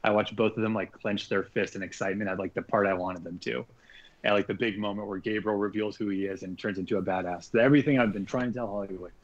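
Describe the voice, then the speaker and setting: A man's voice: fairly low pitch, quick pace, lo-fi sound. A man, a guest artist on a podcast, telling a long story casually and animatedly, acting out what people said and swearing freely. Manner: animated, acts out quoted speech, swears freely.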